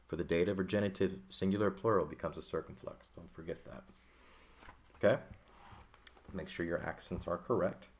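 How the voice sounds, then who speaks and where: A man teaching a recorded textbook lesson, explaining patiently and checking in often with "okay" and "right". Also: low-pitched. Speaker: Greek teacher.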